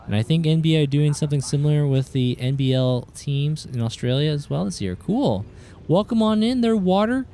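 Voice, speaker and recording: A man's voice: on the high side, fairly quick, slight background noise. Chatty male game streamer. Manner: chatty, greets chat viewers, excitable outbursts. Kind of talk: casual live-stream commentary.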